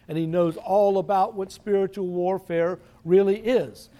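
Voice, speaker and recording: A priest delivers a sermon in an easy, talking manner and slows down when he quotes scripture. His voice sits high for a man and has a soft, mellow tone.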